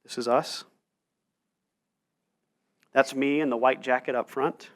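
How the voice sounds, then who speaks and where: A man's voice: medium pitch, fairly even intonation, slow. A man around forty, a pastor preaching a sermon, telling stories and checking in with the room with frequent asides. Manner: storytelling with frequent "right?" asides. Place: church.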